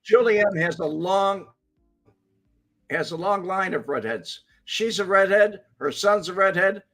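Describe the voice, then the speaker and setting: An older man co-hosting a casual live-stream chat, giving dry, deadpan replies. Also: sits high, unhurried, soft background music. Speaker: co-host.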